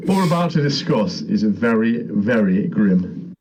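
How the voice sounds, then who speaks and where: A man's voice: on the low side, very animated, measured pace, a little mellow, breathy edge, poor audio. A man co-hosting a podcast, chatting casually and laughing often, with many tag questions. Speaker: podcast co-host. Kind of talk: casual chat.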